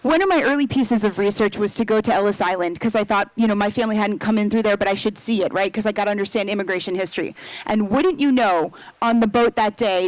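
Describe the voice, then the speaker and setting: Woman author at a book festival, higher voice, dry close sound, animated storyteller. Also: no echo, rough recording.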